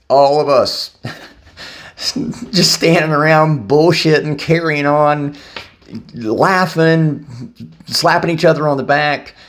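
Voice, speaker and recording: A man speaking casually to camera, telling a recovery story loosely, with many fillers. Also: fairly high pitch. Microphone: handheld camera.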